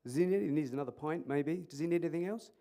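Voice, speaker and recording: A man's voice: fairly high pitch, fast. A man speaking as an emergency clinician at a conference, joking and quizzing the audience through a microphone. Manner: animated, jokey, quizzing the audience. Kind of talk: interactive conference talk. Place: conference hall.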